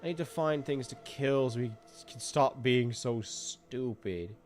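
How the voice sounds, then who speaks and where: A man does live gameplay commentary at a medium pitch and an unhurried pace, sounding excitable and self-mocking as he gets exasperated with his own character.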